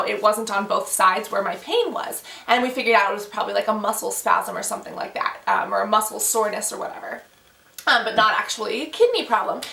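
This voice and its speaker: Bright animated young woman vlogger. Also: on the high side, creaky, roomy sound, far from the mic. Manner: animated storytelling, acting out quoted voices. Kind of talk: casual storytime vlog.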